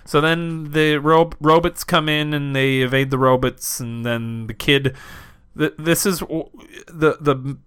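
A man in his thirties co-hosting a comedy podcast, reviewing a movie in casual, swearing banter that jumps into excited high bits. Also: unhurried, clean tone, no echo, studio quality. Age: 30s. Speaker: podcast co-host.

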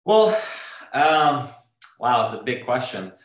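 A man's voice: mid-range voice, sing-song, takes it slowly, fairly bright tone, echoey room, low-quality recording. A man in an interview, talking earnestly and rambling, with many fillers and restarts as he searches for words. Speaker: drummer being interviewed. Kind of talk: casual interview talk.

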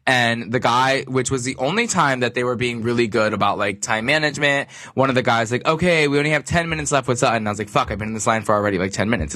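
A young man co-hosting a podcast, telling animated stories with quoted voices and casual swearing. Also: medium pitch, no echo. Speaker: podcast co-host. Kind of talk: casual chat.

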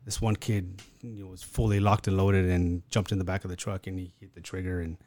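A man's voice: sits low, level tone, a little fast, a little mellow. Laid-back middle-aged man telling stories. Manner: laid-back, rambling storyteller. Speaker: podcast guest. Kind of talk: casual storytelling chat.

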